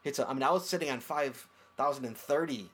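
Fast-talking rambling male podcast host. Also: medium pitch. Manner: rambling, animated, swears casually. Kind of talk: casual chat.

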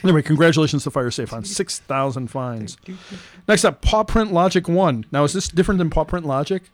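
A man's voice: on the high side, lively intonation. Playful man hosting a podcast. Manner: playful, teasing, quick to laugh. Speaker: podcast host. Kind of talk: casual podcast chat, reading out names and scores.

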